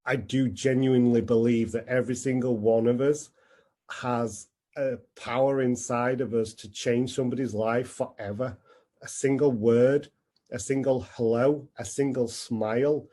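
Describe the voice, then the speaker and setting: Male speaker, reflective storyteller, mellow, slightly raspy voice. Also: medium pitch. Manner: earnest and reflective. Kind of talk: personal storytelling talk.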